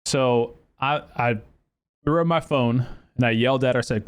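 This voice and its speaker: A man's voice: medium pitch, normal speed, clear, resonant tone. A man hosting a podcast, telling a story casually, with profanity and many fillers and restarts. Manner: profane, animated storytelling with acted quotes. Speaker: podcast host.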